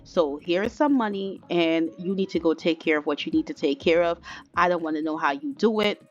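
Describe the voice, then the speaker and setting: A woman voicing a blunt, dismissive young man who talks in a brisk, flat way. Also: fairly low pitch, dull audio, soft background music, natural voice. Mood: cold.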